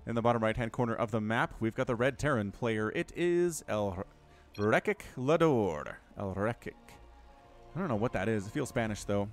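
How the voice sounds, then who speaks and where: A man giving solo play-by-play commentary on a strategy game match, chatty and rambling, with self-deprecating jokes. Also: medium pitch.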